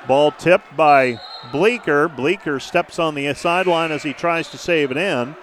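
A man calling live basketball play-by-play, brisk and name-by-name, with stat asides between plays. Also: fairly high pitch, a bit bright, slight background noise. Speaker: play-by-play announcer.

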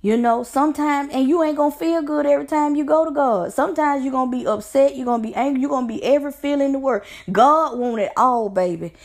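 Woman, life coach, gravelly fry, fairly high voice, earnest preacherly pep talk, repeating phrases. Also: fast talker, few pauses. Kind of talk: motivational faith talk to camera.

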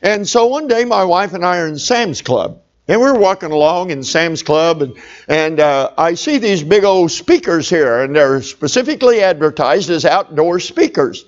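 A man's voice: on the high side, lively intonation, moderate pace, dull audio. A middle-aged male pastor telling a humorous personal story in a sermon, talking straight to his congregation. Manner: folksy, humorous, talks to the congregation.

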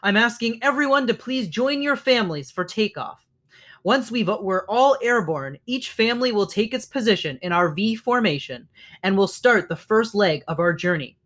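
A man's voice: high voice, expressive, moderate pace, fairly bright tone, voice pushed up. A man voicing a big male goose who leads the flock, speaking formally like an announcer.

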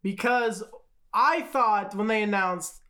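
A woman's voice: medium pitch, slow, bright, forceful tone. A woman co-hosting a podcast, talking in a loose, chatty way. She rambles through her points, scattering fillers like "like" and "you know," with a mid-range voice. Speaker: podcast co-host. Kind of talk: casual podcast chat.

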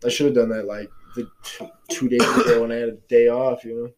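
A man's voice: medium pitch, flat delivery, fast, background noise. A young man as a podcast guest, talking in an easygoing, rambling way with his friend. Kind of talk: casual podcast chat.

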